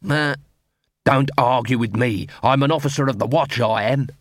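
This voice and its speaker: A man's voice: mid-range voice, moderate pace, no room sound, clean studio sound, natural voice. A man voicing a blunt, threatening male dwarf watch officer in an audiobook.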